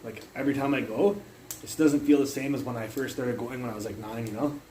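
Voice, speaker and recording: A man's voice: mid-range voice, fairly even intonation, fairly quick, mellow, slight background noise, low-quality recording. A young man livestreaming from his phone, telling a long rambling story full of curses, fillers and restarts. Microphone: phone mic.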